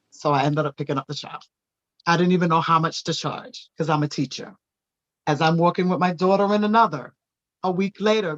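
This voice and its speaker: A woman, a daycare owner, telling her personal testimony in a church interview with animated storytelling. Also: fairly low pitch, brisk, lo-fi sound. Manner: animated storytelling, acting out quoted voices.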